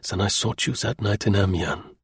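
A man voicing a cool, daring male British spy who talks low and earnestly. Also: normal speed, slightly rough, no echo, clean studio sound.

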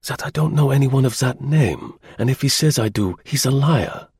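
A man's voice: mid-range voice, lively intonation, moderate pace, darkish tone, breathy edge, dry recording, clean studio sound, voice pushed up. A man voicing a sneering, brazen male spy suspect who taunts his captors in a raised voice. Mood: defiant. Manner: defiant, taunting.

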